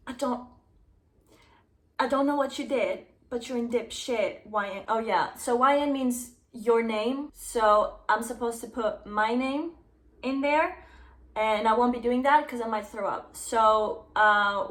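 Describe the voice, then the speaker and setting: A woman's voice: fairly high pitch, a bit bright, echoey room. Sarcastic, swearing young woman. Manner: sarcastic, profane, laughing. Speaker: YouTuber. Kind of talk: comedic fanfiction reading.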